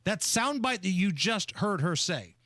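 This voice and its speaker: A man co-hosting a comedic talk radio show, loud and mocking, laughing often. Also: sits high, very animated, a little slow, background noise. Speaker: radio co-host.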